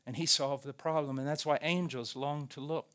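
A man's voice: fairly high pitch, steady tone, moderate pace, fairly bright tone. A man preaching a sermon, earnest and emphatic, repeating key phrases.

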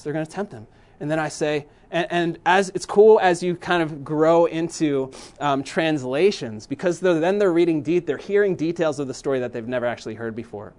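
Fairly high-voiced man, animated church speaker, a dad. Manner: animated, with many restarts. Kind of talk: church talk to parents.

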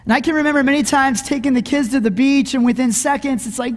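A man's voice: very high voice, fast talker, hardly any pauses. A middle-aged man preaching a sermon, telling a funny story in a conversational way and often asking "right?". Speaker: pastor. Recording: echoey hall.

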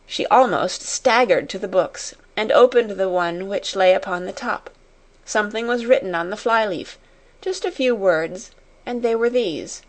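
A woman reads a classic storybook aloud at a slow, careful pace. Her voice sits in a middle range, and her reading stays measured and unhurried. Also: medium pitch. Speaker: audiobook narrator. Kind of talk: scripted storybook narration.

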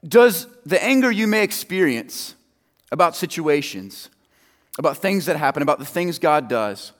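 A man's voice: a little high, animated, moderate pace, a bit bright, long reverb tail. A man preaching a sermon in a casual, conversational way, joking with his listeners.

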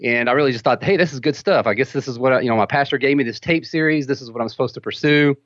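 A Texan man talking about his life in a relaxed, chatty way, with plenty of laughs. The sound is a bit dull and lo-fi. The room is dry and close. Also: medium pitch, racing, dry recording. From Texas. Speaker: pastor, guest. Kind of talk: casual interview talk.

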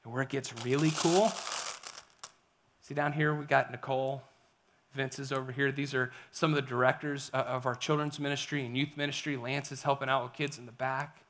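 A middle-aged man preaching a sermon as a pastor, animated, swinging between loud emphasis and hushed whispers. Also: mid-range voice, brisk, slight background noise.

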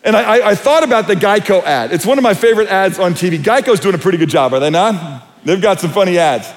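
Man, pastor, sermon, high pitch, animated storytelling, long hall reverb. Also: fast talker. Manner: animated storytelling, acts out quotes in high voices.

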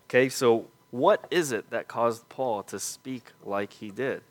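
A man preaching a sermon, earnest and full of rhetorical questions, letting his voice fall soft on key points. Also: medium pitch, measured pace.

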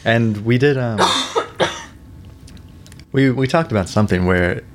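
A man's voice: mid-range voice, slow pace. Laid-back man on a podcast. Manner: laid-back, swears, laughs often. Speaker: podcast co-host. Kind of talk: casual podcast chat.

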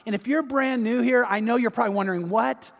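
High-voiced animated male pastor. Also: fast, big-room sound. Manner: animated storytelling, acts out quotes, urges the audience. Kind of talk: sermon.

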